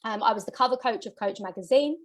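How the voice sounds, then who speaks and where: A woman's voice: a little high, fast talker. A woman business coach giving an earnest, motivational masterclass, getting emotional as she talks. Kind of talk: live masterclass presentation.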